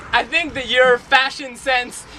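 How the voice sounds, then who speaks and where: A man's voice: very high voice, moderate pace, bright, forceful tone, slight background noise, poor audio. A man performing spoken word poetry in a wry, rhythmic way, repeating a refrain, recorded outdoors in a city. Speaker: poet.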